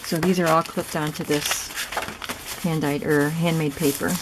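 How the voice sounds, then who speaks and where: A woman casually narrating a show-and-tell of a handmade journal, soft, chatty and admiring as she thinks aloud. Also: low voice, flat delivery, moderate pace, noisy background. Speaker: craft vlogger showing a gifted journal.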